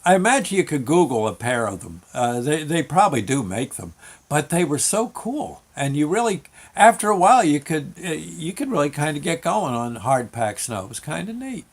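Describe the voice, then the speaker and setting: An older man hosting his own show, telling a rambling childhood story with chuckles and halting restarts. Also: on the high side, big pitch swings. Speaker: show host.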